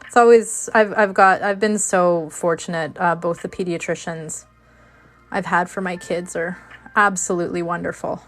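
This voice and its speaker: A woman's voice: on the low side, steady tone, moderate pace, soft background music. A woman hosting a crafting video, chatting casually while she works, rambling with lots of fillers and restarts. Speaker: crafting channel host.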